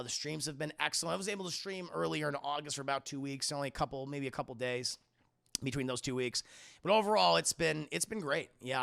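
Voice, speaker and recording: A man hosting a live stream, reviewing a film and greeting his chat in an animated, effusive way. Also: fairly high pitch, vocal fry.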